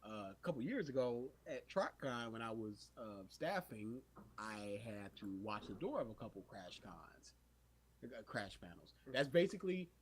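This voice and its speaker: A man's voice: mid-range voice, normal speed, slight background noise. A young man co-hosting a podcast, telling a story in casual chat, acting out the voices of others and laughing often. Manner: animated storyteller, acts out quotes, laughs often. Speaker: podcast co-host.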